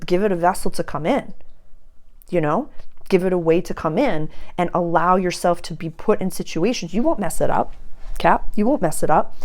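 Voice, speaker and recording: A woman with a notably low voice gives a casual spoken astrology and tarot reading. She talks earnestly and emphatically, circling back to repeat key phrases. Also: a little mellow.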